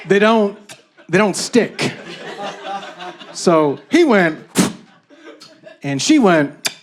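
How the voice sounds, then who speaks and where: Male stand-up comic, slightly high voice, animated storyteller, live stage set. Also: very slow. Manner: animated storytelling with shouted bits and voiced characters. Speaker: stand-up comedian. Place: comedy stage before a laughing audience.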